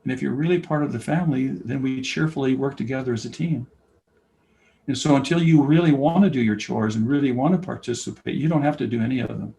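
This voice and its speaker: An older man, a basketball coach and camp founder, talking as an interview guest, telling stories and acting out quoted dialogue, from loud to whispering. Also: medium pitch, fast, vocal fry, low-quality recording. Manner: animated storyteller, acts out quoted dialogue, swings from loud to whispering. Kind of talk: conversational interview, storytelling.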